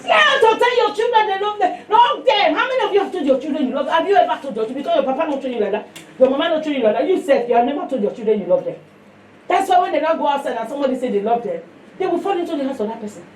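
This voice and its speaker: High-pitched Nigerian woman preacher, passionate and emphatic, heard in an echoey hall from a distance. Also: expressive, racing, a little hiss or hum. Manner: passionate, emphatic, swings from loud to hushed. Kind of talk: sermon.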